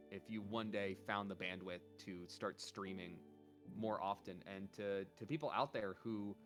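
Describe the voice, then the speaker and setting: A man who is a guest on a casual interview, giving earnest advice in a loose, rambling way with many fillers. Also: fairly low pitch. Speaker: guest, VTuber.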